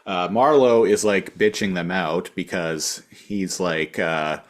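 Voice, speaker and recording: A man's voice: low voice, fairly even intonation, slow pace. A man co-hosting a casual review podcast, recapping plot in a rambling way with lots of fillers. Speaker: podcast co-host.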